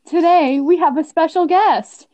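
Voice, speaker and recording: High, mellow young woman podcast co-host. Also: unhurried, no echo. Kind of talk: casual podcast chat.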